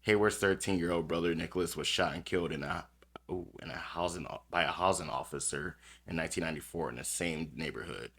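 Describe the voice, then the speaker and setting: A man's voice: low voice, quick pace, a bit bright. A man hosting a podcast, reading news stories aloud with small stumbles and commenting on them bluntly with plenty of cursing. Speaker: podcast host.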